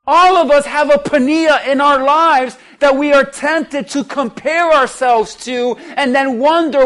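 A man preaching a sermon as a pastor, in a very high voice. He takes his time with each phrase, delivering it with a slow, deliberate pace. His delivery is lively and humorous, and he often calls out to the congregation.

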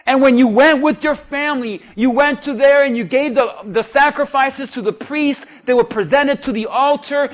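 A male pastor preaching a sermon in a lively way, mixing humor with calls to the congregation. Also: extremely high pitch.

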